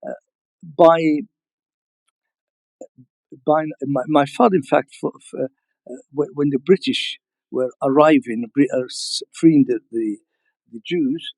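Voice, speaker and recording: An older man from Libya recounting family history to an audience, halting with restarts and chuckles. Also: a little high, gravelly, a little mellow, no room sound, rough recording. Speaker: guest speaker.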